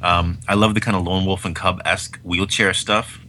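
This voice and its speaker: Podcast co-host, male, deep and crisp-toned, chatty and excitable, faint hiss behind. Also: moderate pace. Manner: enthusiastic, rambling, peppered with fillers and "man". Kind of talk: casual film-review chat.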